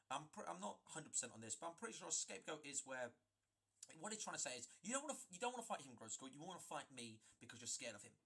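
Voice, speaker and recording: A man recounting a story for his vlog, emphatic and often restarting his sentences. His voice is husky and fairly high, with a bright edge. His pitch swings widely as he talks. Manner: animated, emphatic, frequent restarts. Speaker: gaming video creator.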